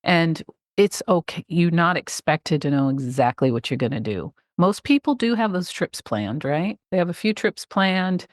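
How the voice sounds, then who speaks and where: A woman's voice: fairly low pitch, expressive, normal speed, no echo, clean studio sound. A middle-aged woman, a life coach guest, talking enthusiastically and a bit rambling about clients facing change. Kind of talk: casual interview chat.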